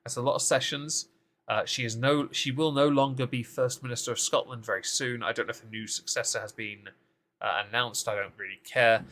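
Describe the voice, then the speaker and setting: A man chatting through the week's political news on a live stream, heavy on sarcasm and dry mockery. His voice is bright and forceful, right up on a desk microphone. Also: medium pitch, steady tone, fairly quick, slight background noise. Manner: sarcastic, mocking asides. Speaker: co-host of a political recap show.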